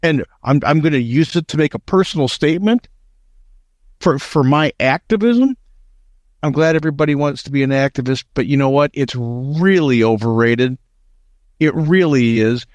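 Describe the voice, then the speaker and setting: A man's voice: medium pitch, animated, normal speed, no echo, muffled recording. An American man hosting political talk radio, emphatic and indignant, often repeating words as he builds a point. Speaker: radio talk show host.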